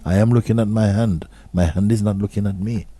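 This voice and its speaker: A man as a spiritual teacher giving a slow, questioning talk to an audience, repeating short phrases and sometimes dropping almost to a whisper. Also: lowish voice, fairly even intonation, dark tone, dry recording.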